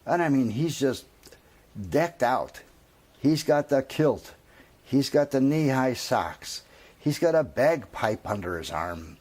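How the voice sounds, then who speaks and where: A man telling a long comic story in a lively, drawn-out way. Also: mid-range voice. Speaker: comedian.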